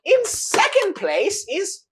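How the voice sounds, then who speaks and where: A woman voicing an excitable male tournament announcer who shouts and draws out his words. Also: very high voice, slow pace, very noisy, voice pushed up, heavily acted. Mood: grandiose. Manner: shouting, drawn out.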